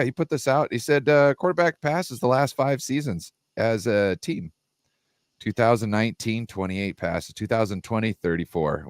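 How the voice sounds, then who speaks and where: A man's voice: on the low side, no room sound, studio quality. A man co-hosting a casual football debate livestream, making emphatic points and restarting his sentences as he argues. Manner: emphatic, repeats and restarts while arguing. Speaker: co-host, 49ers fan.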